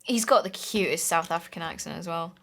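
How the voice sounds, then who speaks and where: A woman's voice: on the low side, brisk, gravelly, a bit bright. A young woman co-hosting a gaming let's play, chatting casually with a bubbly, joking manner and rambling restarts. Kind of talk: casual chat over gameplay.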